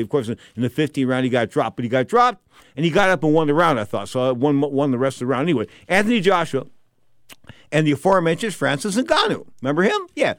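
A man's voice: on the high side, no room sound, studio quality. An older man hosting a boxing talk show, giving casual commentary in a rambling, digressive way full of wisecracks.

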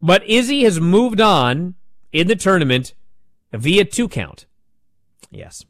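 A man casually recapping a wrestling show, animated and sarcastic as he tells it. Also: high-pitched, takes it slowly, dry recording, studio quality.

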